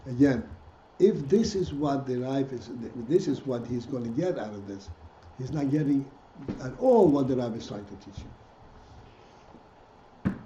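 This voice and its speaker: A man's voice: mid-range voice, lively intonation, measured pace, warm tone. A man teaching a Hasidic text class as rabbi, stopping and restarting often and posing rhetorical questions to his students. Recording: dull, echoey room, faint noise.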